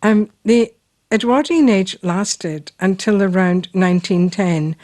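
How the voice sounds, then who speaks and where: A woman with a Scottish accent hosting a local show, telling stories and reading aloud in an unhurried way with frequent ums. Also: medium pitch, a little mellow, dry recording. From Scotland. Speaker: host. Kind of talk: casual storytelling and reading aloud.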